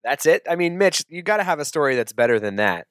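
A man hosting a comedy podcast interview, prodding his guest in a deadpan, polite way. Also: a little high, quick pace, smooth, no room sound, studio quality. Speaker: podcast host.

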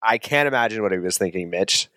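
A man hosting a comedy podcast interview, prodding his guest in a deadpan, polite way. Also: lowish voice, fast, no room sound, clean studio sound. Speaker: podcast host.

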